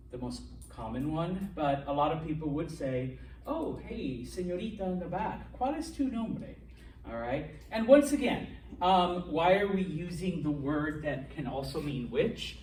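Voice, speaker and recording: A man teaching a classroom Spanish lesson, animated and constantly checking in with his students. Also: on the high side. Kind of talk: classroom lecture. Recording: echoey classroom from far off.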